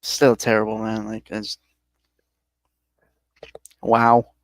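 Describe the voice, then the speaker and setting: A man's voice: on the low side, completely flat delivery, extremely slow, dry recording. A man co-hosting a podcast in casual chat, with a teasing, hesitant way of talking. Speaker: podcast co-host.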